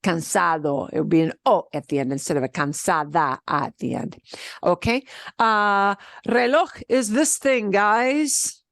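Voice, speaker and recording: A woman teaching a beginner Spanish class, explaining step by step in an animated way and laughing often. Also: medium pitch, measured pace, no echo. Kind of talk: beginner language lesson.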